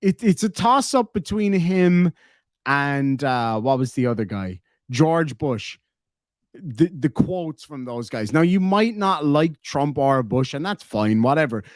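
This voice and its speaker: A man with an Irish accent reads super chats in a casual, joking livestream. His voice sits a little high for a man and sounds dry and close to the mic. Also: lively intonation, unhurried, dry recording. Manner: joking, playful, laughs often. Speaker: livestream host.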